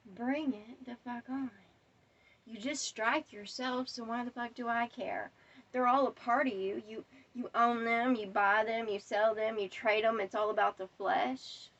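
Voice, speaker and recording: Woman, high voice, defiant profane rant, distant muffled recording. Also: fairly bright tone. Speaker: vlogger. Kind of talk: angry monologue to camera.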